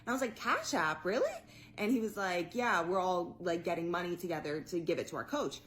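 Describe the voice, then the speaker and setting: A woman telling a personal story to camera in an animated, profane way, laughing along as she goes. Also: lowish voice, fairly quick, slight background noise. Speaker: guest storyteller.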